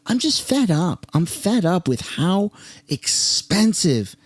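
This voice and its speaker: This man's voice is high, husky and sing-song, and he speaks slowly, with no room sound. He's a commentary host from Canada, ranting about the country's state with anger, exasperation and heavy swearing.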